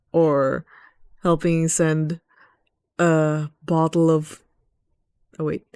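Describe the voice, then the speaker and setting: A woman's voice: low voice, a little mellow, smooth, no room sound, clean studio sound. A young woman casually recapping a video game story, rambling and playful, often correcting herself.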